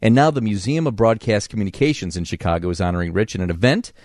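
A man hosts a radio interview in a chummy, laughing way. His voice is fairly low. The studio sound is close and dry. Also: animated, fast, a little mellow, dry recording. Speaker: radio host. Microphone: studio microphone.

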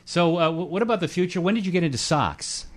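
A man's voice: high voice, expressive, quick pace. A man hosting a radio interview, chatty and jokey, with many filler sounds. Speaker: radio show host. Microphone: studio microphone with headset.

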